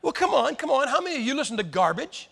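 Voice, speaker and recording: A man's voice: very high-pitched, very animated, fast, gravelly, fairly bright tone, slight background noise. A man in his sixties preaching a folksy sermon, joking and firing rhetorical questions at the congregation. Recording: long hall reverb.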